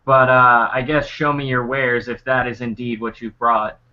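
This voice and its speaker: A man's voice: medium pitch, steady tone, moderate pace, pushed and bright. A man voicing a brusque, irritable human shopkeeper woman in a tabletop game. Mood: skeptical. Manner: brusque, dismissive. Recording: dull lo-fi sound.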